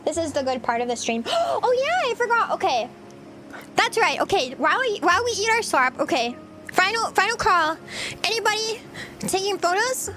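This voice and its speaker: A woman's voice: very high voice, bright, forceful tone. A woman VTuber streamer chatting casually with viewers while she eats, giggly and rambling. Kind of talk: casual livestream chat.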